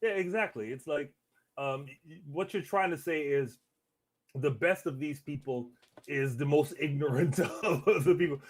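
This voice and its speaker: A man hosting a podcast in casual chat, relaxed and laughing often, with stammers and restarts. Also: a little high, normal speed. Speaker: podcast host. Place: Los Angeles.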